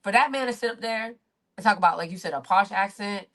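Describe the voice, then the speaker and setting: In a casual recap chat, a podcast co-host talks quickly in a medium pitch with a fairly bright tone. She's emphatic and wordy, stacking up adjectives and drawn-out explanations.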